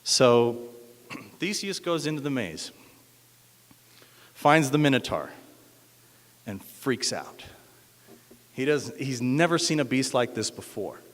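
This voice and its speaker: A man's voice: medium pitch, expressive, slow, long pauses. A man from Denver telling a myth at a cafe open mic, hesitant with many fillers. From Denver, USA. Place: cafe event room. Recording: echoey hall.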